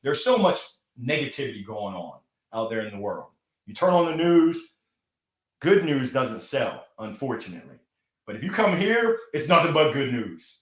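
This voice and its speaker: A man hosting a live motivational stream, reading out viewer comments with energetic enthusiasm and frequent laughter, speaking into a microphone. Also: mid-range voice, normal speed, roomy sound. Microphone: gold microphone.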